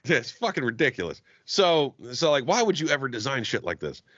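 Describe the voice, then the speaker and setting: Cussing mechanic guy telling a story, sharp bright voice, kinda muffled lo-fi podcast mic. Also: mid-range voice, brisk, dry recording. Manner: heavily profane, animated ranting. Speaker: podcast guest, auto technician. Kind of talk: casual storytelling chat. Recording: dull, dry lo-fi podcast audio.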